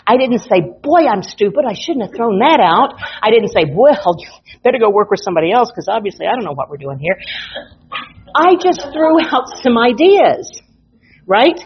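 A woman instructor teaching a hypnotherapy class, telling client stories in an animated, playful way. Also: on the high side, moderate pace, husky. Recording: dull lo-fi recording.

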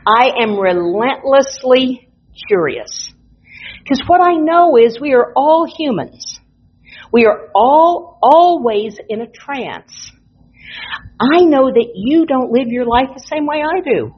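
An animated woman teaches a class, her slightly high, husky voice swooping up and down as she tells stories. The sound is dull and lo-fi, as if from a modest recording. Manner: animated, playful storytelling. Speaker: hypnotherapy instructor.

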